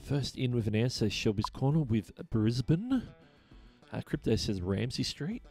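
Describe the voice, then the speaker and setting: A man with an Australian accent hosts a casual live-stream trivia show, chatting, reading viewer messages aloud and chuckling often. His medium-pitched, dark-toned voice swings widely in pitch at a moderate pace, with soft music in the background.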